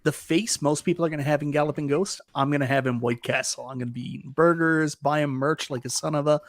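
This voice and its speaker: An excitable man hosting a podcast, talking in casual chat with big exaggeration. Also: on the high side, quick pace, dry recording, clean studio sound. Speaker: podcast host.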